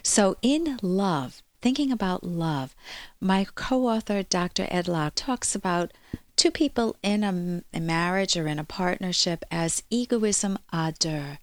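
A woman's voice: fairly low pitch, lively intonation, measured pace, no echo. Earnest woman radio psychologist, dry sound. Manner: earnest, explanatory, lecturing to listeners. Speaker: clinical psychologist hosting a call-in radio show. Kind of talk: radio advice talk.

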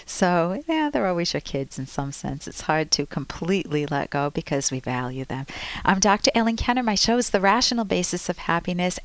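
A woman hosting a radio advice show, talking through stories and advice in a chatty, expressive way with sudden upbeat rises. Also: lowish voice, no echo. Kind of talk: radio call-in advice monologue. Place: radio studio.

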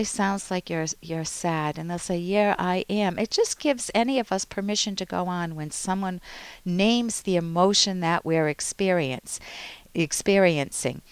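A woman psychologist hosting an advice call-in radio show, calmly explaining coping skills and acting out short example quotes. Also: medium pitch, moderate pace, smooth, no room sound. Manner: calm explanatory coaching, acts out little example quotes.

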